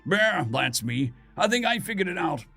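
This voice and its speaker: A man voicing a defiant dead atheist who stays calm and coldly confident, asking one probing question after another. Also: high-pitched, normal speed, creaky, faint music behind, pitched above the performer's own voice, heavily acted.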